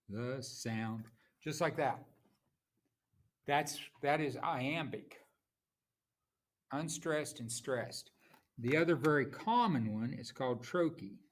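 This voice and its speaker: A man teaching a class, explaining terms slowly and reading out examples with marked stress. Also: medium pitch. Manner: slow, explanatory, reads examples aloud with stress. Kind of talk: classroom lecture.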